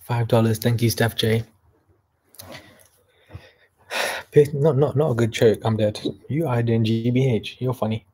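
A man's voice: medium pitch, steady tone, normal speed, hardly any pauses, darkish tone, slightly rough. A young man from Canada hosting a casual livestream, reading chat messages aloud and mocking people in a chatty way.

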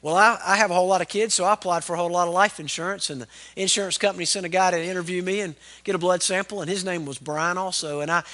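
Fervent high-voiced preacher man. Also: steady tone, rapid-fire, hardly any pauses, pushed and bright. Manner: fervent preaching with call-and-response "Amen?". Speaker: pastor. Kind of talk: sermon.

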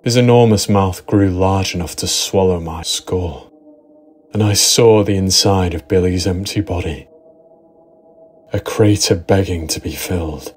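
A man narrating a first-person horror story in a steady, dramatic storytelling manner. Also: deep voice, unhurried, slightly rough. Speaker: narrator and writer.

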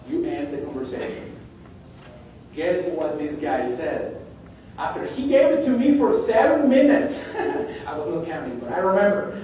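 A man's voice: high voice, warm tone. A man delivering a conference keynote, telling a story in a conversational way and acting out bits of dialogue. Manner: anecdotal, acts out dialogue. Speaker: keynote speaker. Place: large conference hall. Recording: echoey hall, distant mic, faint noise.

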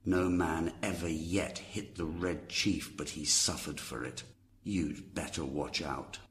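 A man's voice: rumbling low, steady tone, takes it slowly, slight background noise. A man reading a storybook aloud, voicing a wild, defiant young boy who boasts and threatens. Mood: menacing.

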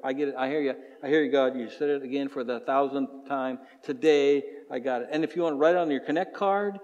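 Pastor preaching in a reverberant hall. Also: male voice, fairly high pitch, darkish tone, lo-fi sound. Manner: conversational, acts out everyday voices. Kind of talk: sermon and closing prayer. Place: church hall.

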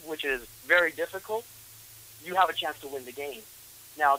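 A man's voice: a little high, sharp tone, a little hiss or hum, low-quality recording. A man giving sports analysis, hesitant, with many ums and restarts.

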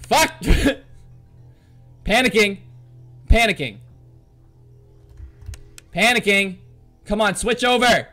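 A man narrating his horror game run in a frantic, profane stream of commentary, barking orders at the screen. His voice sits fairly high and swings wildly up and down. Faint game music hums behind him. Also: bright, forceful tone. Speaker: gamer. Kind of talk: let's play commentary.

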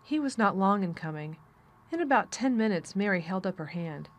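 Lady reading a classic book out loud, steady and measured, middle pitch. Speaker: audiobook narrator. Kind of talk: scripted narration.

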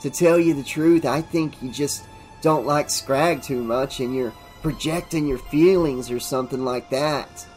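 A man's voice: measured pace, darkish tone, soft background music, close to an everyday voice. A man voicing a strange young man who is darkly amused and turns sinister. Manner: darkly amused, drifting into sinister low tones.

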